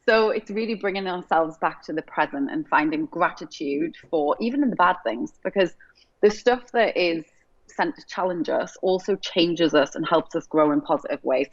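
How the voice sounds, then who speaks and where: A woman's voice: low voice, normal speed, dry recording, dull audio. A woman in her thirties from England with an English accent, answering interview questions in an earnest, upbeat way. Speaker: guest coach.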